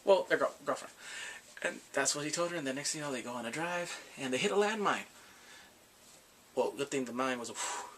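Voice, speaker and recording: A man casually recapping drama episodes in a rambling, excitable way, gasping and laughing as he goes. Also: mid-range voice, fairly quick, slight background noise. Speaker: drama reviewer.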